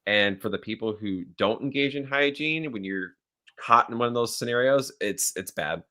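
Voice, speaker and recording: A man as a guest in a casual interview, calmly explaining, with many filler words. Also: medium pitch, moderate pace.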